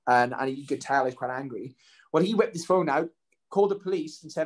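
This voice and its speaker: A man's voice: high-pitched, sing-song, a little fast, a bit bright. A man, telling a story casually as an interview guest, rambling with many ums and restarts. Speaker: guest, professional fighter.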